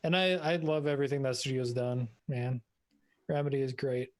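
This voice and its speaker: A man's voice: medium pitch, normal speed. A man, a tabletop game player, chatting casually and enthusiastically, tossing in "man" and "dude". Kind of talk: casual chat.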